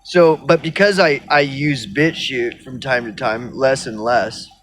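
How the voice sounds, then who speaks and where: A man's voice: mid-range voice, measured pace, fairly bright tone. A man ranting casually on his video blog, rambling and sardonic with lots of swearing. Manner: rambling, profane, sardonic, many fillers. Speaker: video blogger. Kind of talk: casual rant.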